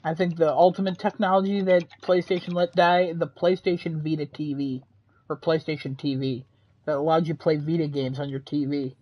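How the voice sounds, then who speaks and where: A man co-hosting a casual podcast chat, excitable, laughing often and throwing in mock exclamations. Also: on the high side, brisk. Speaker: podcast co-host. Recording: dull lo-fi podcast audio.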